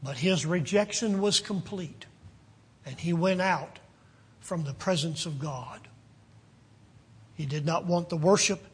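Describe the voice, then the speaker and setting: A man preaching a sermon, reading scripture aloud slowly and deliberately and rising loudly on key phrases. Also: fairly high pitch, slightly rough.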